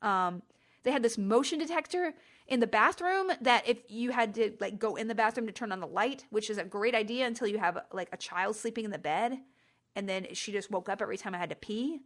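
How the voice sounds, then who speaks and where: Chatty, exasperated woman with high voice. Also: fairly quick, a bit bright. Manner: chatty and exasperated, with big pitch jumps for emphasis. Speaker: podcast host. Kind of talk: casual storytelling monologue.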